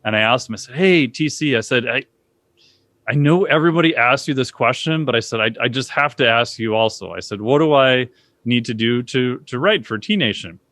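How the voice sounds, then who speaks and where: A man speaking as a podcast guest, telling stories in a casual conversational way and acting out quoted voices with big jumps in pitch. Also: a little fast, a bit bright, no room sound, clean studio sound.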